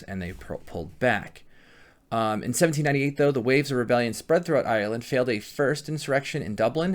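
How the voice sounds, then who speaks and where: Male history teacher, mid-pitch, casual lecturing with frequent restarts and self-corrections.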